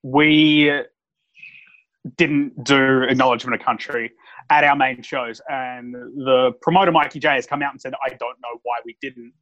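A man hosting a podcast and telling stories in casual chat, animated, with quick asides. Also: medium pitch, dull audio. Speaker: podcast host and wrestling referee.

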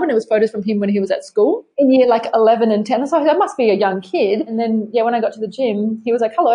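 A woman's voice: fairly high pitch, dark tone. A woman, a fitness trainer chatting as a podcast guest and acting out quoted lines. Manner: fast, chatty, many likes, acts out quotes. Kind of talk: casual interview chat.

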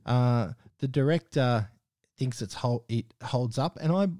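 A man's voice: mid-range voice, unhurried, dark tone, no echo, clean studio sound. A man hosting a podcast, casually reviewing a film in a chatty way with frequent fillers and restarts. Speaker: podcast host.

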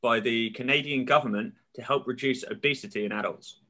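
A man's voice: medium pitch, a little fast, pushed and bright. A man guest on a comedy podcast, floating playful theories with casual swearing. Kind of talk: casual chat.

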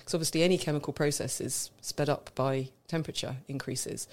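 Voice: mid-range voice, steady tone, fairly quick. Knowledgeable wine co-host. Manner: knowledgeable, explanatory, easy laughs. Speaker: radio co-host, wine expert. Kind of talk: casual radio chat. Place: radio studio.

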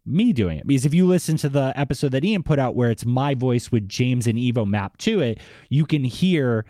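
A man's voice: mid-range voice, animated, fairly quick, dark tone, dry recording, studio quality. A man with a Boston accent, speaking as an interview guest in a chatty way, often tagging his thoughts with "like" and "right?". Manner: chatty, with frequent "like" and "right?" tags. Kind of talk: conversational interview.

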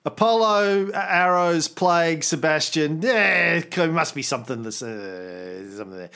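A man co-hosting a podcast, riffing crudely and comically about art history. His voice sits a little high and swings widely in pitch. He keeps joking and slipping into silly impressions. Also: lively intonation, normal speed, sharp tone, smooth. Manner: profane, riffing, slips into impressions. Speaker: podcast co-host.

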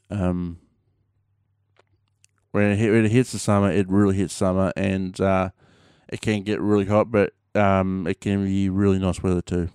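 A man's voice: low-pitched, darkish tone, clean tone, dry recording, studio quality. A man with an Australian accent chatting casually to his audience, rambling and slangy with plenty of fillers. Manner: rambling, laid-back, slangy with many fillers. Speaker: vlogger. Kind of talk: casual chat to camera.

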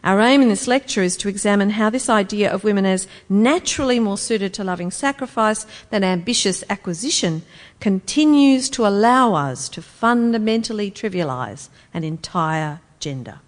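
A woman's voice: mid-range voice, expressive, moderate pace, in a large hall. A woman giving a public lecture in a wry, emphatic, rhetorical manner. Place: lecture hall.

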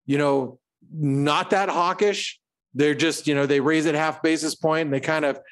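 Brief: slightly higher-voiced male co-host, loose market chat, playful puns. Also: moderate pace. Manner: animated, punny, jokey asides. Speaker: co-host of trading show. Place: home.

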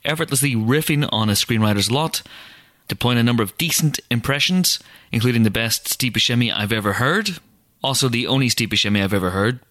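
A man's voice: mid-range voice, lively intonation, sharp tone, dry recording, studio quality. A man hosting a podcast, reading a scripted intro and then chatting easily with a guest in a booth. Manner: chatty, quick to laugh. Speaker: podcast host. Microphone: studio mic in a podcast booth.

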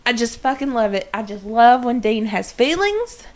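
A woman co-hosting a fan podcast, excitably recapping a TV episode, swearing freely and acting out characters' lines. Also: on the high side, moderate pace. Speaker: podcast co-host.

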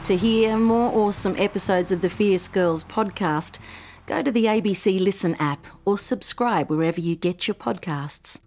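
A woman narrating a children's story podcast in a measured, gentle way. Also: medium pitch, soft background music.

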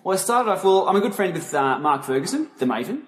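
A man's voice: high-pitched, quick pace. Chatty middle-aged Australian man, echoey room. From Melbourne, Australia. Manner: chatty storyteller, lively and animated when retelling anecdotes. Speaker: guest, cycling vlogger and racer. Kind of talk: casual interview chat. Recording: echoey room with long reverb.

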